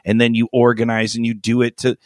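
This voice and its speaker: A male podcast host in casual, crude banter. He rambles through a profane story, stacking fillers and restarts. His voice sits at a middling pitch and sounds dry and close to the mic. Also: monotone, a little fast, no room sound.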